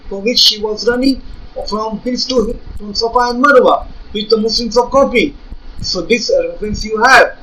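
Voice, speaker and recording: A high-pitched man with an Indian English accent delivers a combative rebuttal lecture, firing rhetorical questions and quoting scripture. His voice sounds set back from the mic. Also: moderate pace, sharp tone, distant mic, slight background noise, rough recording. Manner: argumentative, rhetorical questions, reads scripture aloud. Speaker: religious debater.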